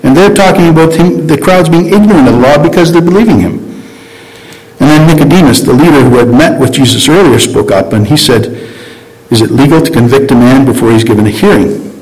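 A man's voice: on the high side, fairly quick, darkish tone, in a large hall, poor audio. A man giving an informal Bible teaching, talking conversationally with frequent restarts and self-corrections.

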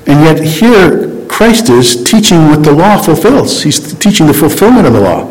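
A man's voice: fairly high pitch, very animated, normal speed, hardly any pauses, in a large hall, poor audio. A man giving an informal Bible teaching, talking conversationally with frequent restarts and self-corrections.

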